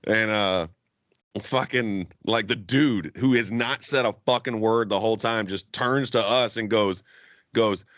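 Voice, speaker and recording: Here a young man co-hosting a podcast rambles through a long story, laughing frequently and swearing all the time in relaxed chat. His voice sits lowish and a bit bright, at a measured pace. The recording lacks room sound and has a dull, lo-fi quality.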